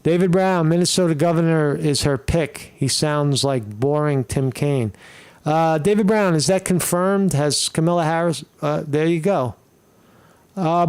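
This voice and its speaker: Male live-stream host, slightly higher pitch, blunt, profane, rambling. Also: darkish tone, smooth. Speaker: political commentary streamer.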